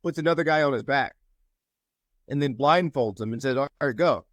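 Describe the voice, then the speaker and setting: A man sharing encouragement and telling a story in a casual group call, lively when he quotes people. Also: medium pitch, moderate pace, dry recording. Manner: storytelling, animated when quoting others. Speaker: mastermind group member.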